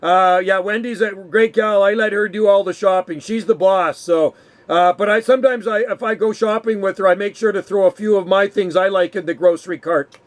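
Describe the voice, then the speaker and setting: Chill guy with a pretty high voice chatting on ham radio. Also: fairly even intonation, brisk. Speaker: amateur radio operator, channel host. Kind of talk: casual radio chat.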